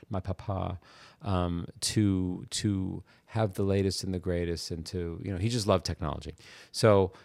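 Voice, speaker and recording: A man's voice: low-pitched, gravelly, no room sound. A man in his fifties from Boston, chatting casually and rambling with lots of restarts and self-deprecating asides. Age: 50s. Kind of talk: casual chat.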